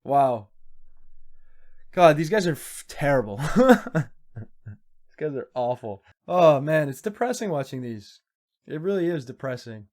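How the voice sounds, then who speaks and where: Young guy reacting to clips, kinda high voice, keeps laughing in disbelief, sarcastic. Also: big pitch swings, slow, long pauses, darkish tone. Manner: incredulous, laughs often, sarcastic. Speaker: YouTube commentator. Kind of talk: reaction commentary.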